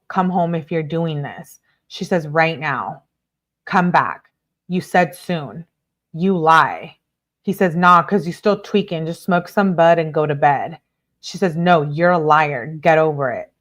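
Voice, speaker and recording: A woman's voice: low voice, fairly bright tone. A woman commenting on a true crime case, reading text messages aloud with emphatic delivery and bleeping out her own swear words.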